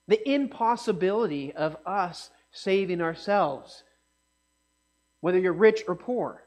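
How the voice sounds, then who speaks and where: A man reading scripture aloud and then preaching a sermon, talking conversationally with animated asides to the congregation. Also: high voice, slow.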